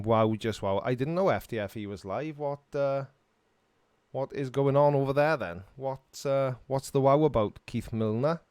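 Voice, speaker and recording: A man's voice: mid-range voice, darkish tone, clear, resonant tone, dry recording. A middle-aged Welsh man hosting a casual live-stream Q&A, reading viewer comments and answering them in a chatty, self-mocking way. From Wales.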